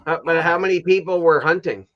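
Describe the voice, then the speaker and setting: A man's voice: a little high, steady tone, brisk, muffled recording. A man from Canada hosting a casual livestream chat, telling rambling stories full of fillers and restarts and laughing at his own stories. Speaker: livestream host.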